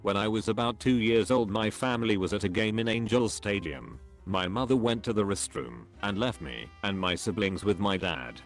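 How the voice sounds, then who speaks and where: A man's voice: lowish voice, normal speed, faint music behind. A man reading stories aloud as a narrator, in a scripted storytelling style.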